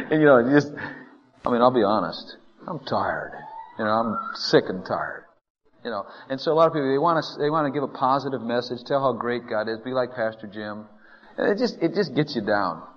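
A husky male preacher with a lively, swooping delivery speaks in a casual, animated sermon style, often slipping into first-person rants and small laughs. His voice rings through a church hall with a long reverb tail. The recording is dull and lo-fi. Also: mid-range voice, normal speed. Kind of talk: conversational sermon.

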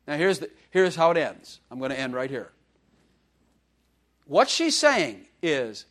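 A male pastor with a slightly raised voice preaches to his congregation, swinging from loud, stressed lines down to quiet asides. He acts out little prayers and jokes as he goes, keeping the sermon lively. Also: on the high side, unhurried. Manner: animated, swings between loud emphasis and hushed asides; acts out quoted prayers and plays with humor. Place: church before a congregation.

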